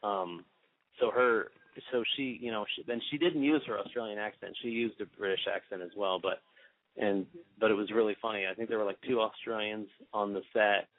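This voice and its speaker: A man in his thirties, a guest musician in a casual radio interview, talking in a halting way with lots of restarts and fillers. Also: fairly low pitch, fairly even intonation, no echo. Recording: tinny phone-line audio, dry.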